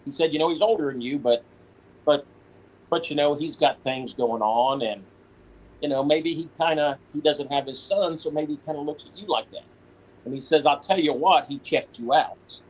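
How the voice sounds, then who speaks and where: A man's voice: a little high, normal speed, low-quality recording. A man, a former prisoner, telling stories in a casual interview, quoting others as he goes. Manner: animated storyteller, quotes others in voice.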